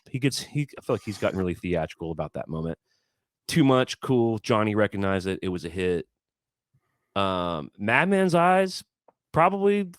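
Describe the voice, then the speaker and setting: A man in a casual podcast chat, telling stories as a guest musician, animated and stumbling over repeated words as he talks. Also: on the low side, no room sound, studio quality.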